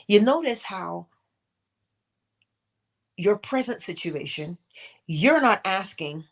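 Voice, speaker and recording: Speaking extremely slowly with long pauses, this middle-aged woman hosts a morning inspirational livestream. Her medium-pitched voice swings widely in pitch as she delivers motivational talk, poses pointed questions, and tosses playful asides to herself.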